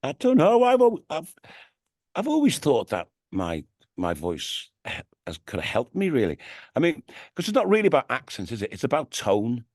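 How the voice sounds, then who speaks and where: A man's voice: mid-range voice, wildly swooping pitch, normal speed, a little mellow, dry recording, clean studio sound. A middle-aged man with a Liverpool accent, talking in a casual, rambling way in an interview, with lots of "you know what I mean". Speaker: radio DJ and TV presenter, interview guest. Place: radio studio.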